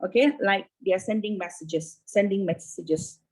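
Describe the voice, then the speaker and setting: A woman's voice: mid-range voice, normal speed, a little mellow, poor audio. A Malaysian English teacher in her fifties, answering interview questions over a video call, repeating herself and checking in with "okay".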